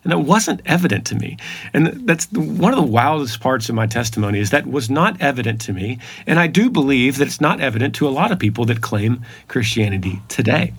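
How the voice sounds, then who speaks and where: A man's voice: mid-range voice, lively intonation, fairly quick, breathy edge. A man, sharing a personal faith testimony in an earnest, emphatic way. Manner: earnest, emphatic storytelling with repeated phrases. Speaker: podcast guest.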